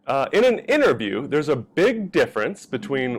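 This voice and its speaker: A young man from California teaching English pronunciation, talking slowly and clearly and drawing out the example sounds. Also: fairly high pitch, sing-song. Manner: drawn-out, exaggerated sounds when modeling examples.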